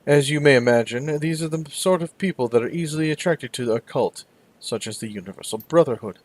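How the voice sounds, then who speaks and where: A man voicing a flamboyant, condescending male elf in a video game, in a high, theatrical, sing-song voice. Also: brisk, natural voice. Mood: lecturing.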